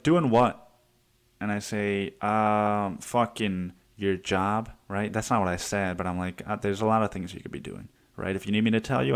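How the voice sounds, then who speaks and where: A man in his twenties telling a heated workplace story on his podcast, swearing often and acting out what people said. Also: lowish voice. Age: 20s. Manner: profane, heated, acts out quotes. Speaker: podcast host. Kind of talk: casual storytelling monologue.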